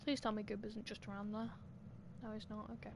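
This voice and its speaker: A young woman chatting her way through a live gameplay stream, talking to herself and shouting at game characters in quick bursts. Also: mid-range voice, flat delivery, vocal fry, background noise.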